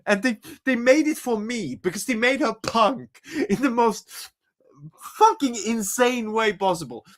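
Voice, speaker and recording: A woman's voice: a little high, expressive, unhurried. A woman co-hosting a casual podcast chat over a remote call, gushing and swearing freely, often laughing. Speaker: podcast co-host.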